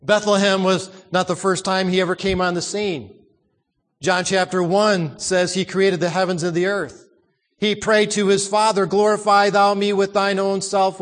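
A man's voice: high voice, little pitch movement, unhurried, in a large hall. A man preaching a sermon, emphatic, repeating words and asking the congregation questions.

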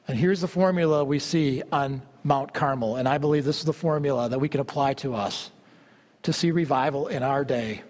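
A male preacher delivering a fervent sermon, swinging between loud exclamations and low asides. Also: fairly quick. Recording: long hall reverb.

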